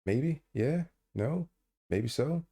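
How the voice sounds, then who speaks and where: A man's voice: medium pitch, lively intonation, extremely slow, dark tone, husky. A man co-hosting a casual podcast, teasing his friend with mock outrage and playful banter over a call. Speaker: podcast co-host.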